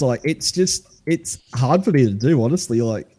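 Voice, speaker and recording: Husky aussie guy joking around on a podcast, voice jumps up and down a lot. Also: medium pitch, moderate pace. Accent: Australian. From Australia. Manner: joking, lively banter. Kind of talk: casual chat.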